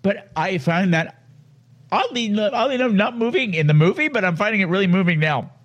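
A man's voice: high-pitched, animated, a little fast, muffled recording. A man co-hosting a casual film podcast who talks emotionally and often stumbles and repeats words. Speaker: podcast co-host.

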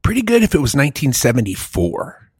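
A man telling stories in casual chat, animated and swearing, saying "dude" a lot. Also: medium pitch, fairly quick, slightly rough, no echo, clean studio sound.

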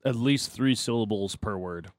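A man co-hosting a sports radio show, playful and animated in banter. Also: fairly low pitch, moderate pace, no echo. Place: radio studio.

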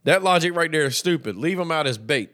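A man's voice: on the high side, lively intonation, a little fast, pushed and bright. A young man co-hosting a podcast, joking and swearing in slangy casual chat. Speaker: podcast co-host.

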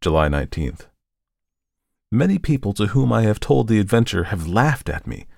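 A man reading a first-person story aloud with measured, steady narration. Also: on the low side, creaky, no room sound, clean studio sound. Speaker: audiobook narrator.

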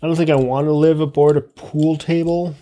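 A man's voice: a little high, flat delivery, fairly quick, dark tone. A man playing a tabletop game as the captain, curt and commanding. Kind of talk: in-character tabletop play.

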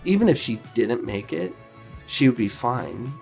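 A middle-aged man, a mentor, recounting a story in an interview with animated acted quotes. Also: mid-range voice, unhurried, creaky, soft background music. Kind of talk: interview recollection.

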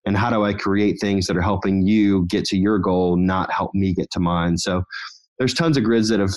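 Low-voiced motivational man. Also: normal speed. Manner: energetic, motivational storytelling. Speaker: guest, company founder. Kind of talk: casual podcast conversation.

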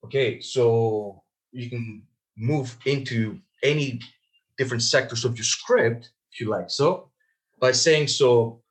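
A man's voice: medium pitch, slow. Emphatic man coaching sales calls. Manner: lots of "like" and "you know" fillers. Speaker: podcast guest, sales trainer. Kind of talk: casual coaching talk.

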